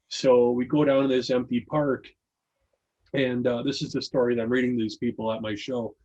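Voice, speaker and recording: A man's voice: medium pitch, flat delivery, normal speed, darkish tone, muffled recording. A man telling a long story in casual talk, rambling with many restarts and fillers. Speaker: podcast guest reading his own article.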